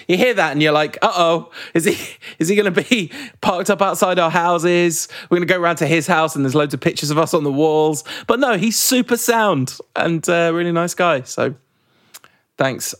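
A man's voice: a little high, fairly bright tone, no room sound, clean studio sound. A man co-hosting a podcast in casual, jokey chat, rambling with restarts. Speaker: podcast co-host leaving the show.

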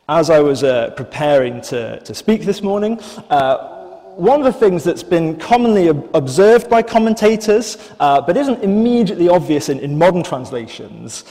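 Male preacher, fairly high voice, dark mellow tone, measured sermon delivery in a church with long reverb. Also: very animated. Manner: thoughtful, measured, with fillers and restarts.

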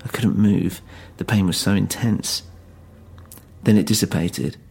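A man narrating a first-person horror story in a grave, measured way. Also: deep voice, gravelly, darkish tone, slightly rough.

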